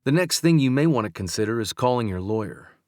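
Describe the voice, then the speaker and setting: A man voicing a calm male country doctor in an audiobook, speaking gently and steadily. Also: mid-range voice, fast, dry recording, clean studio sound, lightly acted. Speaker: audiobook narrator. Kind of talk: audiobook dialogue reading.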